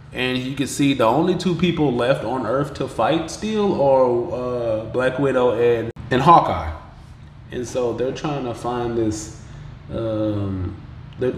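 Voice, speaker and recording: A man's voice: mid-range voice, slight background noise. Slangy man recapping in an echoey room. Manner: slangy, profane, animated retelling with quoted voices. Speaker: podcast host. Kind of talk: casual episode recap. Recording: roomy echo with faint background ambience.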